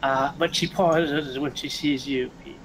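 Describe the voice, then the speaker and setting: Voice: medium pitch, fairly even intonation, measured pace, background noise. A game master narrating a tabletop game, hesitant with many ums and uhs.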